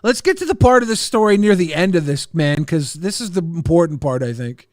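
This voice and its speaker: A man's voice: on the high side, expressive, fairly quick, dry recording. Dry-sounding male co-host. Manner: reads out chat messages, steers the conversation. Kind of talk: casual livestream chat.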